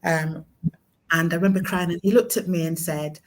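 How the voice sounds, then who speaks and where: A middle-aged woman telling a personal story in conversation, halting, with many fillers and restarts. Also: lowish voice, steady tone. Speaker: guest, mother of a son with mental illness.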